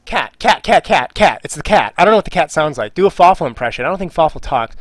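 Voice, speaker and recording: Speaking very fast with an expressive, somewhat high voice, this man is live-streaming in a dry recording. He jokes his way through viewer questions he reads out loud, muttering and trailing off while working, all in easygoing stream chatter.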